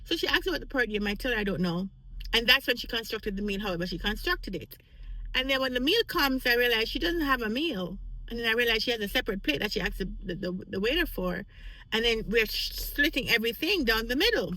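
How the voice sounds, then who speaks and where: A woman's voice: fairly high pitch, quick pace, low-quality recording. A woman vlogger telling a casual work story, acting out the voices of the people in it. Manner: animated, acts out quoted voices.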